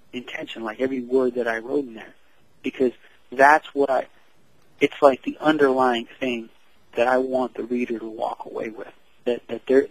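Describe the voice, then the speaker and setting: A man, an author and coach, earnestly telling a personal story in an interview, halting often and restarting his sentences. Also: mid-range voice, no echo, poor audio.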